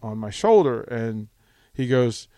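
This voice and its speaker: A man hosting a sports radio talk show, telling a rambling, animated anecdote with restarts into a studio mic. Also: medium pitch, a little slow, no room sound.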